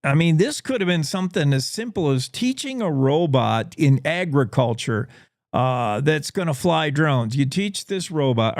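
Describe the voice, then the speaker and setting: Male morning show host, slightly high voice, dry close sound, playful storyteller. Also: animated, moderate pace, no room sound. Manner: playful, spins speculative stories. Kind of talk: talk radio monologue.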